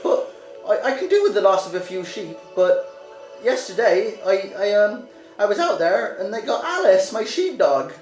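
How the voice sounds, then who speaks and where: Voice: mid-range voice, sing-song, normal speed, a little mellow, voice pushed up, lightly acted. A game master voicing a worried, fat fifty-year-old sheep herder who rambles and repeats himself. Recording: roomy room, faint music.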